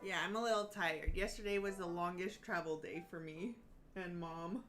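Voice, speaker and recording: A woman's voice: on the low side, normal speed, fairly bright tone, faint music behind. A woman co-hosting a live auction stream, plainly reading out bids and chat with dry asides. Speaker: co-host calling auction bids.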